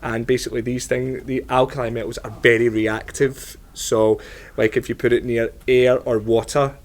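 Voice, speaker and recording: A man's voice: mid-range voice, little pitch movement, normal speed. Chatty Scottish man. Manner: loose, rambling explanations with many fillers. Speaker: co-host. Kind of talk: casual live-stream chat for kids.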